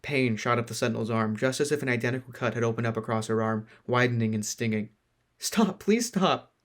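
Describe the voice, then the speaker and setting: A man reading a fantasy novel aloud at a slow, even storytelling pace. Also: medium pitch. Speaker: narrator.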